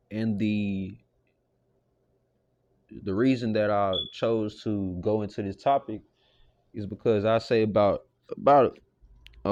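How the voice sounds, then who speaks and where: Low-voiced man giving a casual Bible lesson. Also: a little mellow, dull audio. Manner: loose and conversational, with frequent "you know" and profane asides. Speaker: Bible teacher.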